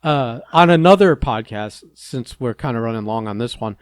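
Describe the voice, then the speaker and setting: A man's voice: medium pitch, animated, normal speed, clean tone, no echo, studio quality. A man co-hosting a podcast, chatting in an easygoing way and steering the talk. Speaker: podcast host. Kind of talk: casual chat.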